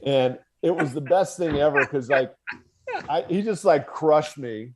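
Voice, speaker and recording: A man's husky, darkish voice sits on the high side and moves at a measured pace. He's an American former Marine officer guesting on a podcast, telling his story in a frank, profane, self-mocking way as casual conversation.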